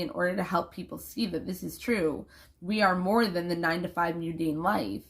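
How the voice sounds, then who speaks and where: A woman's voice: on the low side, vocal fry. A young woman talking casually to camera in a rambling, emphatic vlog, swearing freely.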